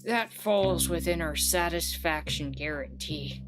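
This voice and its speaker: A woman's voice: sits low, measured pace. A woman voicing a female general store clerk with polite, formal sales patter. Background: guitar music.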